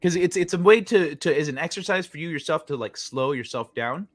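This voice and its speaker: A man's voice: a little high, animated, a little fast, no room sound. A man hosting a casual gaming live stream, rambling with lots of fillers and sometimes losing his train of thought. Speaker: host.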